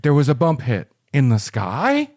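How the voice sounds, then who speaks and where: A man's voice: mid-range voice, huge pitch swings, unhurried, darkish tone. Male podcast co-host, casual rambling storyteller, mid-range voice. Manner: rambling storyteller, acts out characters in passing.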